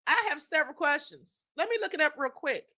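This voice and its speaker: A woman's voice: sits high, expressive, a little fast, sharp tone. A woman hosting a live stream, reading viewers' chat comments and chatting casually in a sassy tone, often calling her listeners "honey" and "child.".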